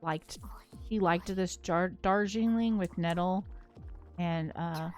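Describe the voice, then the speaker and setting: A woman's voice: on the low side, slow pace, a little mellow, soft background music. A woman streaming a game, commenting casually and getting emotional as she reads the game's text. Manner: emotional, laughs through tears while reading game text.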